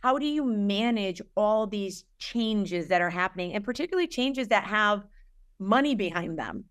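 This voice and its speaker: Smooth-voiced woman host asking questions. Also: medium pitch, animated, moderate pace, fairly bright tone. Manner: probing, conversational questions. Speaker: podcast host. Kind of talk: casual interview chat.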